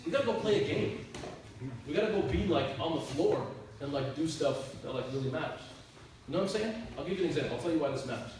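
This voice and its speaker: A youth minister tells a youth group stories in a relaxed, chatty manner full of filler words. His voice is fairly high, animated, and darkish in tone, and he moves at a quick pace. Echo, a distant mic, and faint hiss mark the recording.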